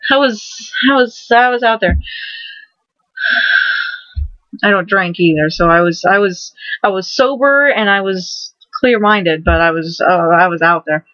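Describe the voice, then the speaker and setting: A woman's voice: medium pitch, slow pace, no echo. Rambling young woman vlogger, lo-fi. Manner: rambling, repeats and restarts words, excitable. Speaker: vlogger host. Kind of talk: casual vlog monologue. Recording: dull lo-fi dry recording.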